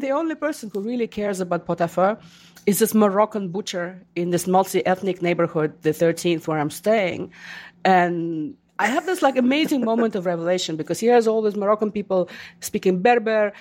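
An animated woman talking as a guest author. She tells her stories in a lively way and slips into quick impressions of the people she met. Her voice sits at an ordinary middle pitch for a woman. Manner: animated, acts out quoted voices. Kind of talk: casual interview conversation.

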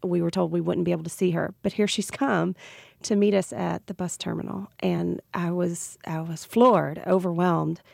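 A woman's voice: fairly low pitch, fairly even intonation, moderate pace, vocal fry, a little mellow, no room sound, studio quality. A woman with a Southern US accent, a radio interview guest telling a personal story earnestly and reflectively. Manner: earnest, reflective, with small restarts.

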